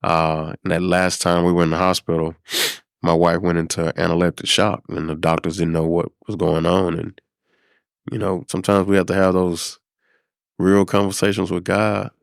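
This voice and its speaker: A middle-aged man from South Dallas, a podcast guest telling a personal story in an unhurried, reflective way, with many pauses and fillers. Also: deep voice, level tone, creaky, smooth, no echo, clean studio sound. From South Dallas, Texas. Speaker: podcast guest, former high school principal.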